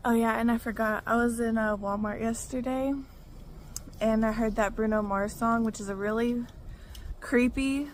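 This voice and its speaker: With slight background noise, a fairly high-pitched woman speaks at normal speed with fairly even intonation. She's a vlogger from Arkansas telling her own story as a casual testimony, frank and profane, with many "you know" fillers.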